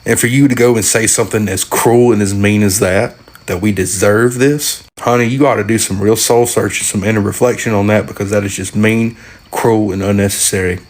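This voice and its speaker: Man, low voice, indignant reaction video, scolding. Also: steady tone, a little fast. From Appalachia. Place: at home.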